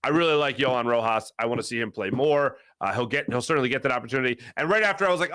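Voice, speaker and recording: A middle-aged man hosting a live sports talk show, answering chat in a rambling, animated way. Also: racing, hardly any pauses, clear, resonant tone, no room sound, clean studio sound. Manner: animated, rambling, swings between low asides and loud bursts.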